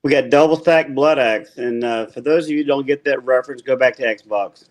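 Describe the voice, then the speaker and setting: A man's voice: medium pitch, a little fast. A man co-hosting a casual livestreamed chat from his phone, talking bluntly and joking. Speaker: co-host.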